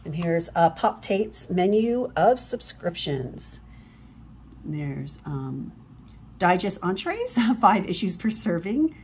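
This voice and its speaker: A woman's voice: lowish voice, sing-song, slow pace, darkish tone, slight background noise. A woman reading a comic book aloud in a casual, amused way, adding chatty asides between panels.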